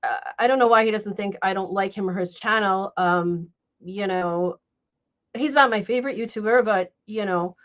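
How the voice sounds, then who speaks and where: A woman talks through her live stream in a loose, chatty way, pausing on fillers as she finds her words. Her voice sits at an ordinary pitch. The audio is muffled and lo-fi. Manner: chatty, hesitant, many fillers. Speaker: livestream host. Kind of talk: casual live chat.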